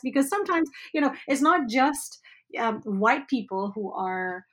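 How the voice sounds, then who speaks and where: A woman teacher speaking in an animated, emphatic way in a conversational interview. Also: on the high side. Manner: animated, emphatic, quick asides with laughs. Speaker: teacher educator guest.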